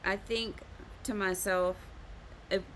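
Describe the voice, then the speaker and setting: A woman at a mid pitch, talking casually as she draws and explains shading. She chats along with little fillers and breaks into laughter at herself often. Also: steady tone, slow pace, fairly bright tone, a little hiss or hum. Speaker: art stream host. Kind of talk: casual chat while drawing and teaching.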